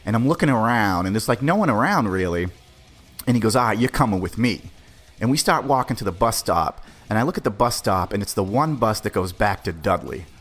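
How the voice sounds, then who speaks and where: A man's voice: fairly low pitch, lively intonation, a little fast, a bit bright. A man hosting a podcast, telling a personal story in a laid-back, profane, conversational way. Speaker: podcast host. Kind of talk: casual storytelling.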